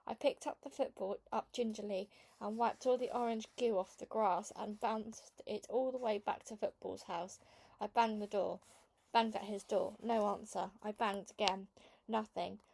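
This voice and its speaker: A woman reading a children's book aloud, narrating in a lively, expressive first-person style. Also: medium pitch, normal speed, gravelly, husky. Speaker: read-along narrator.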